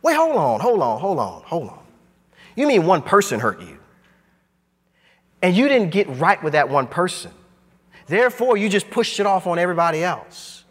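Pastor guy preaching hard, high lively voice, echoing through a church. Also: normal speed, pauses often, breathy edge. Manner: emphatic preaching, lively swings of pitch. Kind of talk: sermon. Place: church sanctuary.

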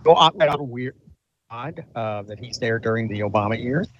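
A man's voice: medium pitch, moderate pace, lo-fi sound. An older man, a retired colonel, telling a story in an interview with intensity and emphasis, often restarting his sentences. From United States. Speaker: guest, retired colonel and author.

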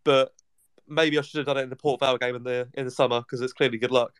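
A man's voice: mid-range voice, flat delivery, fast talker, fairly bright tone, slight background noise. A man co-hosting a casual football podcast, making dry, joking asides. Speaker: podcast co-host. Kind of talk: casual chat.

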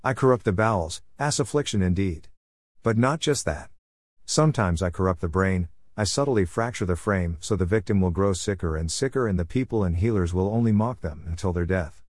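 A man's voice: deep voice, fairly quick, darkish tone, dry recording. A man voicing a scheming, boastful male affliction spirit who mocks and gloats in a storybook tale. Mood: gloating.

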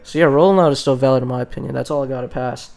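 A young man in casual chat, relaxed and joking, talking in slang. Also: mid-range voice, rapid-fire, vocal fry.

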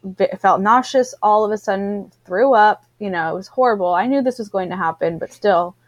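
A woman's voice: mid-range voice, brisk, no echo, dull audio. A woman in casual chat, animatedly telling a personal story and acting out the voices of the people in it. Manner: animated storyteller, acts out what others said.

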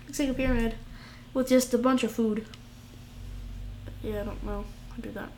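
Woman, higher voice, casual and giggly, hesitant reader. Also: fairly even intonation, normal speed, a little mellow, a little hiss or hum. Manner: giggly, hesitant, stumbles over foreign words. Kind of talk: casual chat reading out national dishes.

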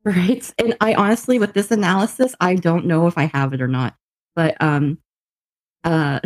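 This podcast co-host is a young woman whose voice sits on the low side at a normal speed. Chatting casually, she tells a story with animation, frequent laughter, and plenty of swearing.

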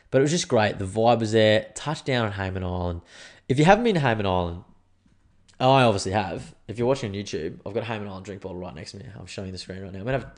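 Swearing Australian bloke telling stories. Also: male voice, lowish voice. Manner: animated, swears freely, slangy. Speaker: podcast host. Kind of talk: casual storytelling. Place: indoors at home.

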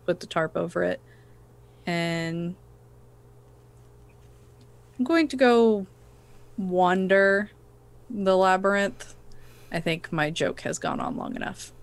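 Quiet woman playing a tabletop game. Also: on the low side, slow pace, vocal fry, long pauses, clean tone. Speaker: player.

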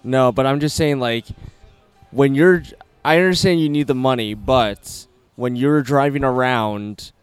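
A man's voice: medium pitch, measured pace, clear, resonant tone, no echo, faint music behind. A man hosting a podcast, chiming in with short reactions and questions. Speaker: podcast host.

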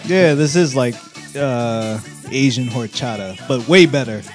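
A man's voice: mid-range voice, unhurried, soft background music. A man co-hosting a casual podcast, easygoing and laughing often. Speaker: podcast co-host. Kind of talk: casual chat.

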